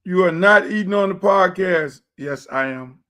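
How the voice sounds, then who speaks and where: A man's voice: high-pitched, normal speed, pushed and bright. A man hosting a casual livestream chat, rambling on in a loose, chatty way while he eats. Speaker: show host.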